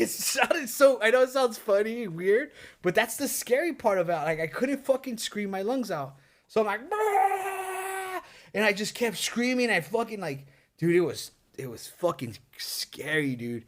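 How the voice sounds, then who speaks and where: Young male podcast co-host, higher-pitched, animated storyteller who swears a lot. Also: normal speed. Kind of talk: casual chat, storytelling.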